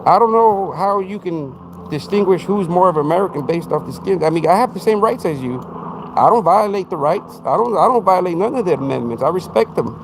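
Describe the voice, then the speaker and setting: Rambling Texan man, fairly high voice. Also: lively intonation, a little fast, noisy background. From Texas. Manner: rambling, repeats words, says "man" constantly. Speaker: podcast host. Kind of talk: casual live podcast monologue.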